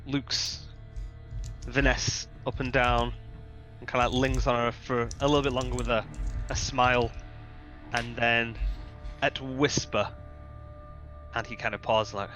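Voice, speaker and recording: A man's voice: medium pitch, little pitch movement, a little slow, long pauses, sharp tone. A man describing his character's actions in a tabletop game, in a loose style full of filler words. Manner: loose narration full of "kinda, like". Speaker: player. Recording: dull recording with faint music.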